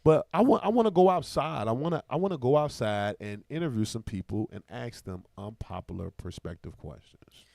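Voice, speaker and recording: A man hosting a podcast from a small studio, talking quickly and with lots of emphasis. His mid-range voice has a gravelly, fried edge. The sound is dry and close on the mic. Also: medium pitch, dry recording. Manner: animated, emphatic, fast-talking. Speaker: podcast host. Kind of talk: casual podcast chat.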